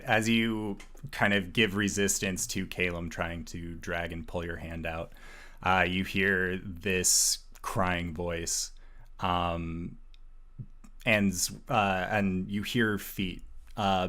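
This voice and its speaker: Deep low guy narrating as game master, slow and careful, lots of uhs. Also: sharp tone. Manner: slow, measured, with frequent "uh" pauses.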